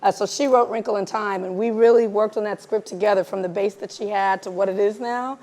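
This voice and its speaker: A woman's voice: medium pitch, brisk. A woman film director as interview guest, chatting casually on stage and acting out the dialogue in her stories. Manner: animated storyteller, acts out quoted dialogue. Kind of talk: casual onstage conversation. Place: live event before an audience.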